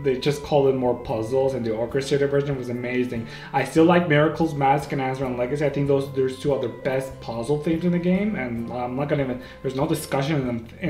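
A man hosting a casual solo podcast, rambling and excitable, often stopping to correct himself, on a home microphone. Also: mid-range voice. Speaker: podcast host. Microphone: home microphone, may clip. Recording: echoey room with faint music.

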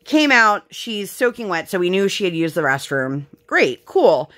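A woman's voice: on the low side, sing-song, moderate pace. A woman in her thirties, a mother and vlogger, chatting casually and telling rambling stories while she crafts. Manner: rambling storytelling with fillers, bright sign-off.

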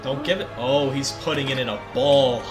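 A young man giving excitable, profane commentary over his gameplay, often yelling at the game. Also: mid-range voice, normal speed. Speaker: gaming video creator. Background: game music.

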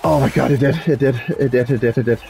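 A woman gamer talking with friends during an online match, loud and profane, yelling warnings and often breaking into laughter. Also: extremely low pitch, steady tone, quick pace, vocal fry, faint music behind, poor audio. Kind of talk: casual game commentary.

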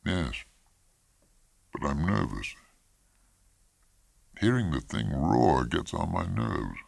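A man's voice: low-pitched, sing-song, takes it slowly, vocal fry, husky, dry recording, full character voice. A man reading a story aloud, voicing a nervous, hesitant husband afraid of a hunt. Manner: anxious, hesitant. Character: nervous, frightened American husband hunter.

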